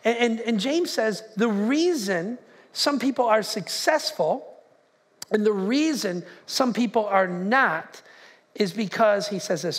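A man pastor preaching a conversational, animated sermon in a church. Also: high voice, slow pace. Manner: conversational, animated, shouts acted-out quotes. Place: church sanctuary.

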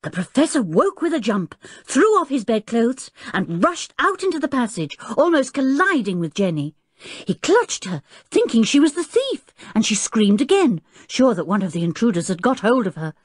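A woman reading a children's adventure story aloud in an expressive, suspenseful way. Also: fairly high pitch, moderate pace, slightly rough, no room sound, studio quality. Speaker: audiobook narrator. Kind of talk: scripted story narration.

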